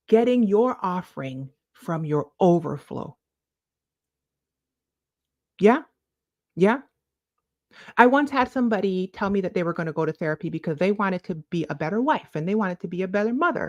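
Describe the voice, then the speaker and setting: A woman's voice: mid-range voice, big pitch swings, moderate pace, long pauses, dry recording. Woman preaching self-care, dry close sound. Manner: preachy, affectionate, calls viewers boo-boo. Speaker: lifestyle vlogger. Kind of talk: casual motivational chat to camera.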